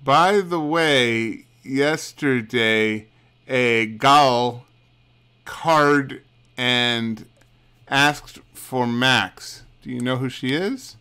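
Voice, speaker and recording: Slow-talking bright-voiced male streamer. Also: medium pitch, clear, resonant tone. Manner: chatty, swears, reads on-screen dialogue aloud with laughs. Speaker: streamer playing a co-op game. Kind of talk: casual gameplay commentary.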